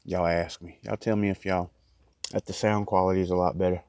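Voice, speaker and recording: A man with a lowish voice talks loosely and casually, rambling between bites as he vlogs. He is tucked into a small closet, and the sound is close and dry with no room echo at all. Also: little pitch movement, quick pace, darkish tone, clean tone. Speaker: vlogger. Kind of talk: casual mukbang chat.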